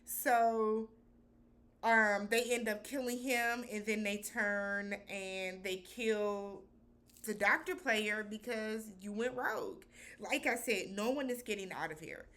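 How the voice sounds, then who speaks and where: A woman's voice: medium pitch, slow pace, a bit bright. A woman recapping a TV episode in a loose, chatty way, with slangy phrasing and lots of filler words. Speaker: TV show reviewer.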